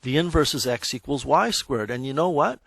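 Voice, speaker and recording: A man's voice: medium pitch, expressive, moderate pace, creaky, fairly bright tone, no room sound. A man teaching a math lesson to his class in a classroom, talking in a loose, conversational way that corrects itself as it goes and keeps checking in with the students. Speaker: high school math teacher. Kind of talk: classroom lecture.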